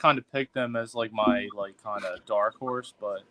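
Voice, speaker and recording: A man co-hosting a podcast in casual chat, giving opinions with frequent restarts and halting phrasing. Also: lowish voice, steady tone, bright, forceful tone. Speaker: podcast co-host.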